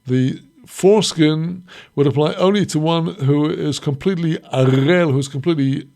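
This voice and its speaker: A man with a somewhat high voice gives a recorded Mishnah lesson. He reads short Hebrew phrases and then translates them. He explains each point step by step in a measured teaching tone. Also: warm tone. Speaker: Torah teacher.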